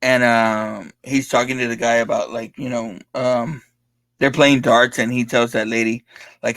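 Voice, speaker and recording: A man's voice: medium pitch, flat delivery, unhurried, fairly bright tone, no echo. A man co-hosting a podcast in casual chat, laughing often and swearing freely, full of likes and restarts. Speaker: podcast co-host.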